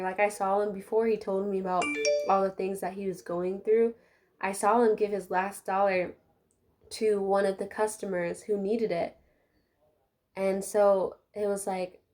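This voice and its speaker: A woman's voice: medium pitch, steady tone, normal speed, a little mellow. A young adult woman giving a casual, heartfelt life update to her viewers while doing her hair, talking chattily with many fillers. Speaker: vlogger.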